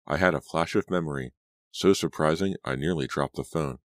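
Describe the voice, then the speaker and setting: Man, audiobook narrator, first-person storytelling, measured, very low voice, dry close sound. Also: no echo.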